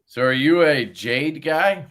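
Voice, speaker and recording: A man's voice: fairly high pitch, lively intonation, slow pace, a bit bright. A man hosting a livestream in casual chat, rambling and jokey, with some swearing. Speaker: livestream host.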